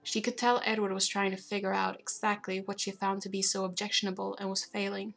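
A woman narrating a novel aloud in a steady, even way. Her pitch barely moves and stays level from line to line. Quiet music plays faintly behind her reading. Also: a little fast, gravelly. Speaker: audiobook narrator. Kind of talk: storybook narration.

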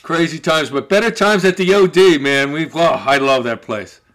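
Animated storytelling man. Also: fairly high pitch, normal speed. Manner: animated, profane, acts out quoted voices. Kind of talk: casual storytelling among friends.

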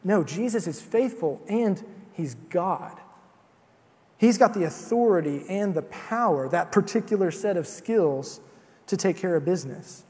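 A man giving a sermon in an easy, conversational manner, often pausing on fillers and repeating his first words. His voice sits fairly high for a man. The sound rings with the long reverb of a large hall. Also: lively intonation, mellow. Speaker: preacher.

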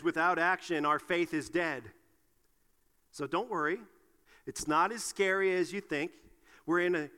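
A middle-aged man delivering a sermon in a high, bright voice. His casual, talky preaching rings out with a long hall reverb. He coaxes the congregation into repeating his lines. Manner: conversational, leads the congregation in call-and-response.

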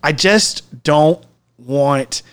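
A man's voice: on the high side, very slow, smooth, dry recording. A man co-hosting a podcast, swearing freely in loose, joking banter. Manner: profane, animated banter. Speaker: podcast co-host. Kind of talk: casual chat.

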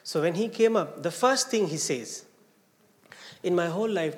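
Animated Indian man telling his story. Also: high-pitched, normal speed. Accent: Indian English. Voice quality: animated, acts out the people he quotes. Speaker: speaker giving a personal testimony. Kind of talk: storytelling testimony. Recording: long hall reverb.

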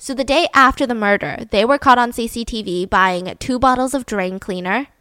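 A woman's voice: fairly high pitch, normal speed, sharp tone, smooth, dry recording. A woman hosting a podcast, telling a true-crime story in a casual, emphatic way with lots of "like". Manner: chatty, emphatic, full of "like". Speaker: podcast host.

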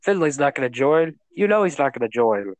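A man's voice: mid-range voice, very animated, a little fast, slight background noise. A young man co-hosting a podcast, sarcastic, with mumbled asides. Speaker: podcast co-host. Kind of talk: casual chat.

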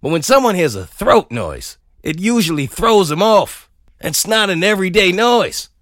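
A man on a podcast rants in a comedic way, his pitch sitting a little high and swinging widely as he goes. He laughs often and swears freely. The recording is close and dry, with no room sound. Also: big pitch swings, moderate pace, fairly bright tone, no room sound. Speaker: podcast host. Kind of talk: comedic rant.

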